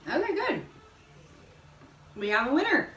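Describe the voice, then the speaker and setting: A woman hosting a casual home cooking demonstration. She talks viewers through each step in a relaxed, chatty way. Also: sits high, unhurried, faint music behind. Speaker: cooking show host. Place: home kitchen. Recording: echoey kitchen, distant mic, background noise.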